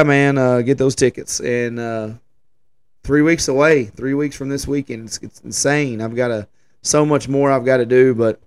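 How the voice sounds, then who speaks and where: A smooth-voiced man, chatting casually as a podcast host. His pitch sits in an ordinary middle range. He wanders through a story with lots of "you know" and "uh" along the way. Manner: rambling, folksy, many fillers and restarts. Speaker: podcast host and festival organizer.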